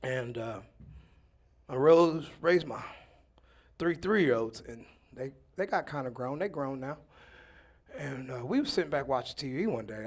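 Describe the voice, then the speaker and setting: Male stand-up with a Dayton accent, animated pitch, raunchy storyteller, club stage. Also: slightly rough. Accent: Dayton, Ohio. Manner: profane, storytelling, builds to shouting punchlines. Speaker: stand-up comedian. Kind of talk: stand-up set.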